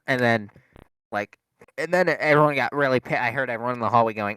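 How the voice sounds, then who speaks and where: A man's voice: medium pitch, fairly quick, a bit bright, smooth, no room sound. Rambling young man telling a story. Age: young adult. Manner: rambling storytelling with lots of fillers and profanity. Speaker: podcast co-host. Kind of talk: casual chat.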